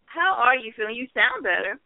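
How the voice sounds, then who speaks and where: Gushing woman co-host, slightly high voice. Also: very animated, a little fast, no room sound. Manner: gushing, laughs often, repeats phrases. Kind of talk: casual chat. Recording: tinny phone line, dry.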